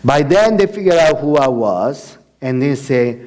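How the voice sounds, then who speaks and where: A man's voice: mid-range voice, expressive, unhurried, hardly any pauses, darkish tone. A man giving a personal testimony as a missionary speaker in a church, telling his story with acted-out dialogue and frequent laughter. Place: church sanctuary.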